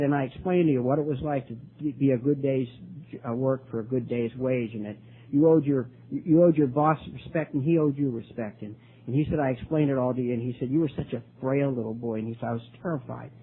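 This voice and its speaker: An older man speaking at a recovery meeting, telling his story earnestly, with many halting restarts. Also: medium pitch, slightly rough. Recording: tinny lo-fi recording, faint hiss.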